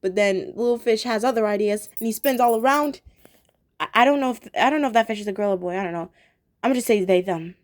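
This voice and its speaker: Young woman reviewer, casual chatty delivery, giggles often, slightly high pitch. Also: fast talker. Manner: chatty and giggly, many ums and restarts. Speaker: episode reviewer. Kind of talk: casual chat.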